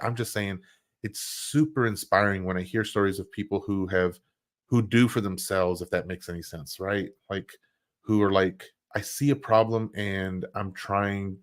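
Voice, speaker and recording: A man's voice: fairly low pitch, fairly bright tone. A man hosting a podcast livestream, chatting casually with an upbeat, rambling, enthusiastic manner. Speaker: podcast host.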